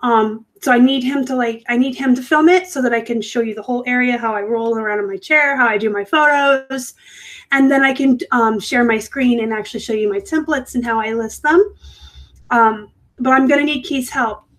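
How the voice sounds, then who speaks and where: A woman's voice: fairly high pitch, moderate pace, low-quality recording. A woman hosting a casual live stream from a room at home, chatty and rambling, with frequent fillers and self-corrections. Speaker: host of a live reselling show. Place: home room set up for work.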